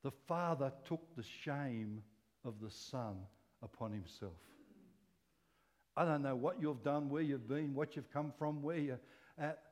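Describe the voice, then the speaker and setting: A man preaching a sermon in an animated way, moving between loud exclamations and quiet, soft asides. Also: mid-range voice, a little slow. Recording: long hall reverb.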